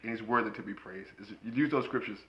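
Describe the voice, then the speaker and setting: A man co-hosting a marriage podcast, talking in a playful, preachy way with bursts of loud excited laughter. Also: lowish voice, quick pace, dull audio. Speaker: podcast co-host. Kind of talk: casual chat.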